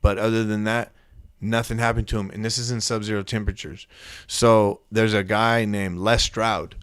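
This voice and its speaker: A man's voice: fairly low pitch, level tone, moderate pace, a bit bright, smooth, no echo. A man co-hosting a casual podcast, telling stories in a profane, slangy way and acting out the quotes. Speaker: podcast co-host. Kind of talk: casual storytelling chat.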